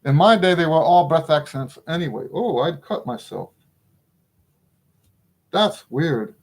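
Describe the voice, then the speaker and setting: A middle-aged male trumpet teacher talks through a casual lesson with a voice pitched a little above most men's. He is frank and opinionated and keeps checking in with "right?" as he explains. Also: animated, measured pace, pauses often.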